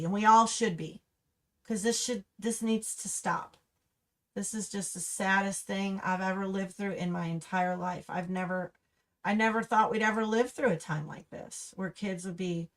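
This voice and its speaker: A woman with a medium-pitched, slightly bright voice rants angrily on her own livestream. Her commentary is impassioned and restless, and she is in Humboldt County, California.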